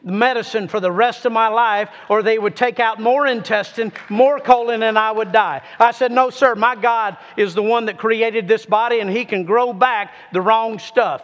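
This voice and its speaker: A preacher reads scripture in a sermon, stressing words emphatically and drawing them out, and calls on his congregation to repeat after him. His voice is very high-pitched and a bit bright, with the long reverb of a large hall.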